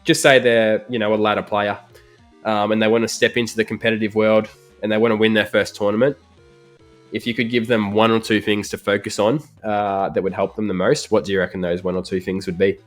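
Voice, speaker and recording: Aussie guy hosting a podcast, lowish voice, chill and chatty, faint music behind. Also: a little fast. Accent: Australian. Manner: relaxed, laid-back, many fillers and "mate". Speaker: podcast host. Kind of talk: casual interview chat.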